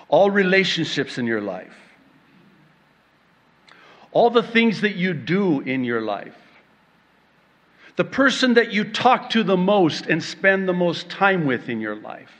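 Male preacher, slightly high voice, slow deliberate sermon delivery, long hall reverb. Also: a bit bright. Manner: slow, dramatic delivery with playful acted-out quotes and laughter.

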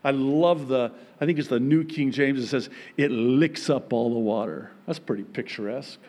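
A man gives a sermon as pastor at a normal speed and medium pitch, acting out the voices of the people as he tells the story with animation. There is long hall reverb in the recording.

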